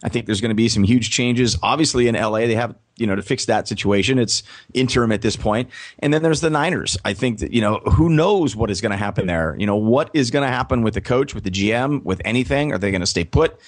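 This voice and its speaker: A man with a mid-range voice, speaking as a guest on a sports radio podcast. He answers at length in a measured, steady way and slows right down when giving his web address. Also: mid-range voice. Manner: measured, spells out his website slowly. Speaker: guest, press box announcer and career coach. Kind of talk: podcast interview.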